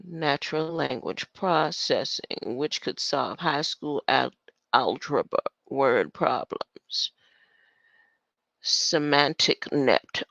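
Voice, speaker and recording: A woman's voice: deep voice, lively intonation, slow, gravelly, a bit bright, no room sound. An older woman thinking aloud as she reads from her screen, rambling with muttered asides and sudden exclamations. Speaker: solo streamer.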